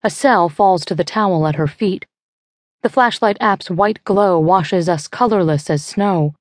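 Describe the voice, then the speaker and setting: A woman reading a first-person thriller audiobook in a lowish, even voice. The studio sound is close and dead dry, her delivery tense and measured. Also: no echo. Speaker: audiobook narrator. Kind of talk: first-person scripted narration. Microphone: close studio mic.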